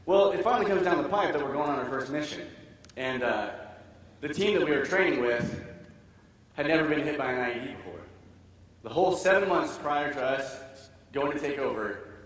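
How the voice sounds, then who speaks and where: A man, a military veteran, telling his own story on stage in an animated way, acting out the dialogue. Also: medium pitch. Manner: animated, acts out quoted dialogue. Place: stage in a large hall. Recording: echoey hall, voice from far off.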